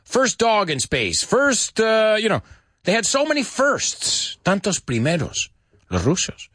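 A man hosting a casual radio show lesson, chatty and animated, explaining expressions and repeating key words. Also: high voice, measured pace, dry recording, studio quality. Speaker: radio host and English teacher.

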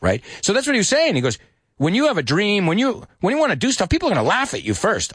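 Man, English teacher, slightly high voice, swooping animated delivery. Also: fast, breathy edge, no echo, clean studio sound. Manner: animated, switches between English and Spanish, sings lyric snippets. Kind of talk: bilingual English lesson.

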